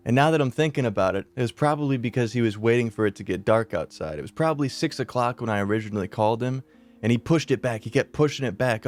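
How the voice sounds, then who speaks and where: Young guy telling a storytime on his channel, slangy, swears a lot, middle pitched voice. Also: expressive, darkish tone. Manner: acts out friends' lines in quick voices. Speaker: YouTuber. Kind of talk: storytime vlog.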